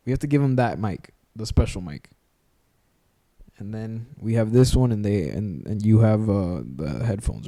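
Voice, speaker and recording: A man's voice: on the low side, mellow, no echo, studio quality. A young man co-hosting a podcast in casual chat, emphatic and repetitive, calling his friend "bro" again and again. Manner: emphatic, repeats himself, says "bro" a lot. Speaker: podcast co-host.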